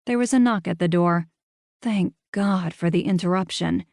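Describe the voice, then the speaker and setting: A woman's voice: on the low side, normal speed, gravelly, a little mellow, no room sound. A woman narrating a first-person audiobook with a wry, dry-humored delivery.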